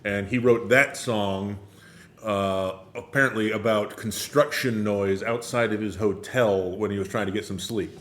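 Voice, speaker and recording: A man's voice: on the low side, fairly even intonation, measured pace, a bit bright. A man co-hosting a podcast in casual chat, often restarting words and joking. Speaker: podcast co-host.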